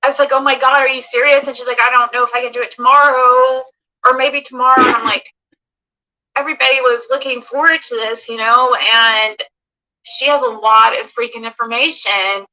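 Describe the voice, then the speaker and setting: A flustered woman streamer who stumbles and restarts as she talks. Her voice is bright and slightly high, and it sounds distant from the mic in a played-back clip. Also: fairly even intonation, brisk. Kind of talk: casual live stream talk.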